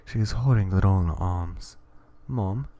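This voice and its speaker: Man, low voice, mellow dark tone, casual horror story reading, hushed, self-correcting, joking asides. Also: fairly quick. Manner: rambling, stumbles and self-corrects, jokes between lines; reads in a hushed would-be ASMR horror tone. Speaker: reader of an interactive horror story.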